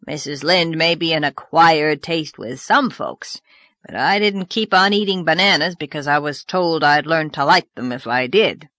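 A woman's voice: fairly low pitch, lively intonation, a little slow, a bit bright, no echo. Woman voicing a growling blunt old farmer man, storybook reading, dry close sound. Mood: irritable. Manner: growling, outspoken, grumbling. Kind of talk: audiobook character voice.

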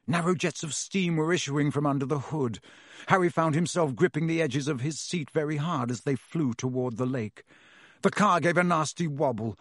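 A man's voice: on the high side, no room sound, clean studio sound. A man narrating a storybook in a vivid, dramatic way. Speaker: audiobook narrator.

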